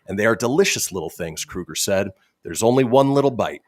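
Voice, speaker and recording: A male radio host reads quirky news stories and slips jokes in between them. His pitch swings widely as he talks. The sound is dry and close to the mic. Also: expressive, fairly quick, dry recording. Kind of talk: reading news stories on a comedy talk show.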